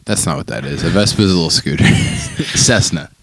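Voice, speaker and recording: A man's voice: deep voice, very fast, no room sound. A man appearing as a guest on a casual podcast, talking in an understated way with dry jokes.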